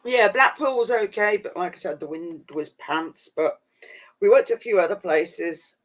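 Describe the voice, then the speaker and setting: A man's voice: high voice, moderate pace, a bit bright. Chatty man. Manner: rambling, chatty, says "flipping" often. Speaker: live streamer. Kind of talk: casual live-stream chat.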